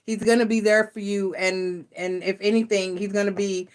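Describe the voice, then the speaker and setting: A woman's voice: mid-range voice, flat delivery, moderate pace. A woman giving a live tarot reading, rambling and reassuring, with many fillers and restarts. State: close to tears. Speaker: tarot reader.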